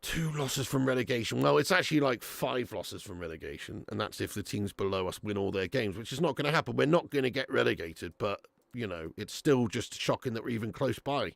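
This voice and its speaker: Gravelly sweary man ranting about football. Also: medium pitch, lively intonation, brisk, dry recording. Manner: sweary, blunt, bursts into loud rants. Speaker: watch-along host reading live chat. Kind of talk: casual live-stream chat.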